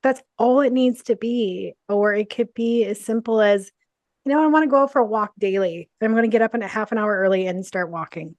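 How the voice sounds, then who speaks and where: A woman's voice: mid-range voice, brisk, no room sound, muffled recording. Chatty woman coach, lots of "like" and "you know", laughs a lot, dry sound. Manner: animated storyteller, laughs often. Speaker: guest, business and storytelling coach. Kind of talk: casual interview.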